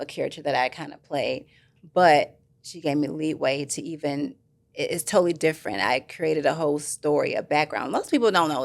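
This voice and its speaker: Actress lady chatting in an interview, kinda low and gravelly, rambles on, acts out what people said. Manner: rambling, animated, acts out quoted voices. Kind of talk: casual interview chat.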